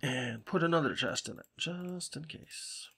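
A man's voice: on the high side, expressive, measured pace, vocal fry, bright, forceful tone, a little hiss or hum. A man from Salem, chatting casually and swearing freely while commenting on his game. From Salem, Massachusetts. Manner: rambling, profane, chatty. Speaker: gaming channel host.

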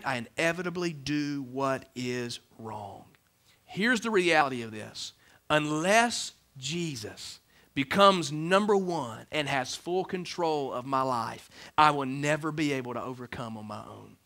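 A man, preaching a sermon as pastor of a church, swinging between loud emphasis and hushed lines. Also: fairly high pitch, lively intonation, a little slow. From Alabama, USA. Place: church sanctuary with a congregation.

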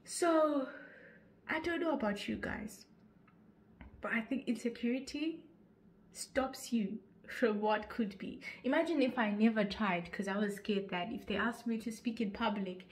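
Young Zimbabwean woman giving pep talk. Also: on the high side. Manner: earnest, preachy, rising to forceful urging. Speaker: YouTuber. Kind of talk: motivational vlog talk.

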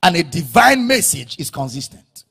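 A man preaching a sermon, breaking into shouts and sing-song rises and drawing out key words. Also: on the high side, sing-song, moderate pace, vocal fry, slightly rough. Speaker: pastor.

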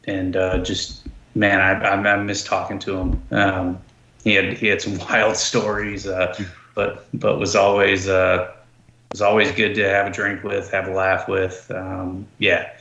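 A man talking casually on a podcast, halting and full of fillers and restarts. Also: sits low, flat delivery, sharp tone, slight background noise. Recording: dull, roomy sound.

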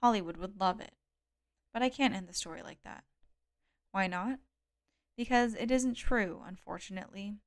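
A woman reading a thriller audiobook aloud in a measured, calm storytelling manner. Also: mid-range voice. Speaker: audiobook reader. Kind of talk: scripted narration.

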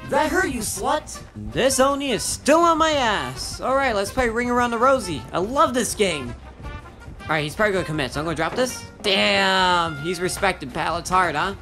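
Young gamer yelling and cursing at the enemy, voice jumping all over, some music in the background. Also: mid-range voice, moderate pace. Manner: excitable, swears a lot, taunts the enemy. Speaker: gamer doing live commentary. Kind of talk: casual gameplay commentary.

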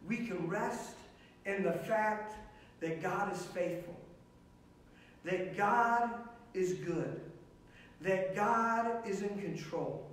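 High-voiced pastor in an echoey room. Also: male voice, recorded from a distance. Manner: earnest, emphatic repetition. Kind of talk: sermon.

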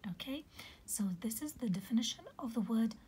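A woman teaching a literature lesson in a soft, half-whispered voice, patiently explaining and filling pauses with "okay". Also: fairly high pitch, lively intonation, a little hiss or hum, low-quality recording. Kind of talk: recorded lecture on poetic meter.

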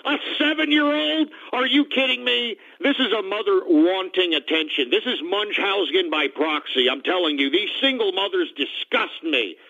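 A man hosts a call-in radio show, his voice pitched high and cutting bright. He rants in exasperated outrage and keeps throwing out exclamations. The sound is dull and lo-fi, like a muffled stream recording. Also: moderate pace, creaky, few pauses.

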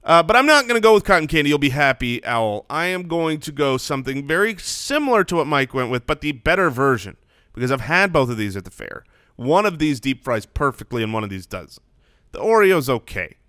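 A man's voice: a little high, very animated, a little fast, bright, forceful tone, clean tone, dry recording, studio quality. A man in his thirties co-hosting a comedy podcast, joking animatedly and talking over his friends. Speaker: podcast co-host. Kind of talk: casual comedy podcast banter.

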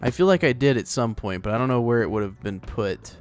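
A man's voice: medium pitch, expressive, brisk, a little mellow, slight background noise. Chatty man commentating gameplay. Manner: chatty, rambling, talks to the animals in the game. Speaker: let's play host.

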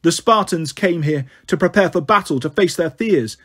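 Man voicing a calm, reassuring teenage girl. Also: a little high, normal speed, slightly rough. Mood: firm. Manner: soothing, firm.

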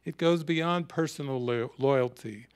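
A man's voice: mid-range voice, unhurried, smooth. A man teaching a spiritual retreat, telling stories and reflecting in a sermon-like talk. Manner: storytelling, reflective, quotes scenes.

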